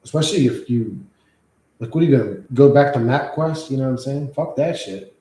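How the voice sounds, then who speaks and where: A man's voice: medium pitch, a little fast, mellow. A man chatting on a casual livestream, rambling and swearing freely as he reacts to chat. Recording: echoey room.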